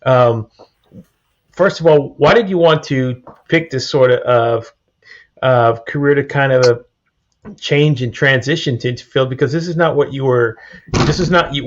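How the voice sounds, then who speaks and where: A man hosting a casual podcast interview, rambling and halting as he asks questions. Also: mid-range voice, slight background noise. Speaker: podcast host. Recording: dull lo-fi stream audio.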